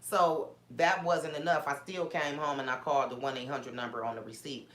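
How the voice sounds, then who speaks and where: A woman's voice: deep voice, fairly even intonation, moderate pace, a bit bright. A woman vlogger telling a story in a casual, indignant way, with many restarts. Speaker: small business owner vlogger. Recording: roomy echo.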